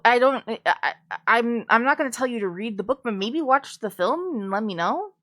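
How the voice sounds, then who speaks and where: A woman's voice: a little high, expressive, moderate pace, a bit bright. A woman streamer talking in a loose, casual way, rambling with lots of fillers, restarts and the odd swear word. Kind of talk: casual chat.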